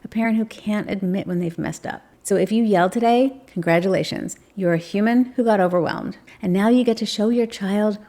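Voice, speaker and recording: A woman hosting a parenting channel, talking straight to the viewer in a gentle, reassuring way and acting out sample phrases. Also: medium pitch, fairly quick, few pauses. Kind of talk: direct-to-camera advice talk.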